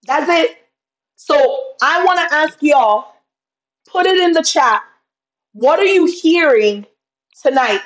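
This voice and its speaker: This live-streamed motivational talk comes from a woman business coach on a video call webcam who speaks with fervent, sermon-like intensity and says "y'all" to her audience. Her voice is high-pitched and expressive, slow, with long pauses, and the audio is poor.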